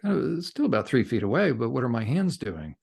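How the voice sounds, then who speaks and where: A middle-aged man, a counselor and podcast guest, telling a story in conversation, animated and gesturing with his hands as he talks. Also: mid-range voice, fast, vocal fry, breathy edge.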